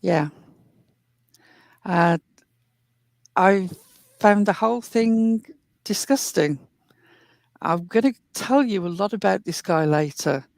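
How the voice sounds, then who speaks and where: A woman's voice: mid-range voice, takes it slowly, gravelly, pauses often, darkish tone, no room sound. A woman hosting a commentary show, earnestly retelling and explaining a clip step by step. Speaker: commentary host.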